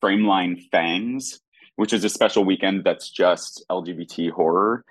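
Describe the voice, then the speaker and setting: A man's voice: low-pitched, fairly even intonation, moderate pace, no echo. A man, an actor and producer, chatting animatedly as a guest, with lots of restarts. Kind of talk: casual interview chat.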